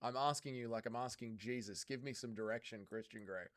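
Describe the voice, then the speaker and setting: A man's voice: medium pitch, a little fast. A young Australian man hosting a casual fight watch-along stream, joking, swearing and answering chat. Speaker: livestream host.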